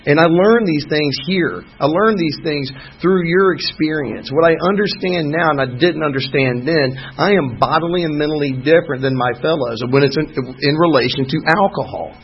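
A middle-aged man with a slightly high voice speaks at a normal speed from the podium of a recovery meeting hall. He shares his personal story with wry, folksy humor, and the lo-fi recording carries a little hiss or hum.

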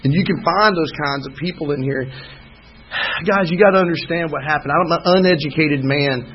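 A man with a drawl shares his story at a recovery meeting in a candid, rambling, emphatic way. His voice sits a little high for a man. The recording is dull and lo-fi, with the sound of a meeting room around him. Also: fairly quick, a little hiss or hum. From Georgia, US. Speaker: speaker sharing at a recovery meeting. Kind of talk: personal testimony.

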